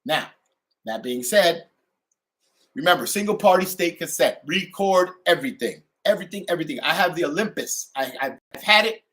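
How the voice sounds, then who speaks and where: A middle-aged man holds forth in a heated, profane monologue, his voice sitting a little high. His pitch leaps and drops constantly, and he jumps from loud outbursts to low mutters. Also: normal speed. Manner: animated, profane, swings between loud and low. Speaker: channel host. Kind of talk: ranting monologue.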